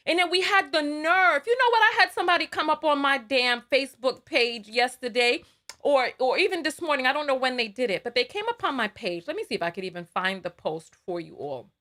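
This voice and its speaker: Woman host, live-stream commentary, indignant, pitch a touch high. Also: animated, brisk, bright, forceful tone. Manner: heated, indignant, repeats herself. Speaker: livestream host.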